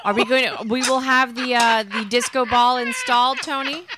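A woman's voice: a little high, normal speed, background noise. A woman co-hosting a radio show, chatting playfully and laughing easily. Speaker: radio co-host. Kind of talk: casual on-air banter.

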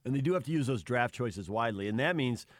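A man's voice: medium pitch, animated, quick pace, dry recording, clean studio sound. A man co-hosting a sports radio show, talking conversationally and analytically. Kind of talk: casual sports talk.

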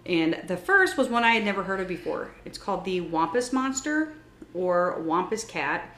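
A woman's voice: lowish voice, big pitch swings, normal speed, pushed and bright. A woman hosting a casual podcast, chatting with her co-host and reading facts from her notes. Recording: echoey room.

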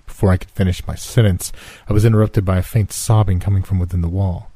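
A man narrating a first-person scary story in a slow, measured, suspenseful reading. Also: deep voice, steady tone, warm tone, slightly rough, no echo.

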